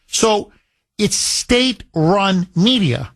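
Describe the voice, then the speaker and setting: A male talk radio host with a high, lively voice that swings up and down as he pushes his points. He is combative and repetitive. His sound is dry and close. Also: normal speed, no echo.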